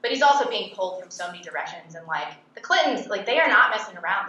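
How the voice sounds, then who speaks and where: A woman who is a political commentator and podcast host, answering interview questions in a blunt, sarcastic and animated way. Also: medium pitch, fast talker. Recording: echoey, dull-toned room recording.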